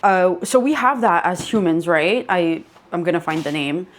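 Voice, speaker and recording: A woman's voice: on the low side, moderate pace, slight background noise. A young woman hosting her channel, casually telling a ghost story with lots of "like" fillers. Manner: chatty, many "like" fillers, laughs while telling. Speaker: channel host.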